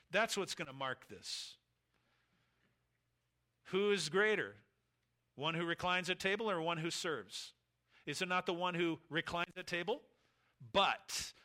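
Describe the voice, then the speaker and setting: A man delivers an expository sermon in a very bright, ringing voice that sits a little high. He is emphatic, swinging between loud climbs and hushed drops, and he voices the disciples' thoughts as he quotes scripture. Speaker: preacher.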